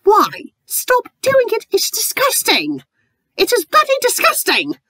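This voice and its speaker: A woman co-host ranting in outrage, shouting and swearing. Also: very high voice, wildly swooping pitch, measured pace, slight background noise. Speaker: co-host reading fanfiction aloud.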